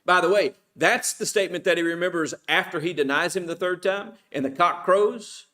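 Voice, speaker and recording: A man's voice: sits high, normal speed, bright, forceful tone. A middle-aged man teaching an informal Bible study class at church. He asks the class questions and then answers them himself.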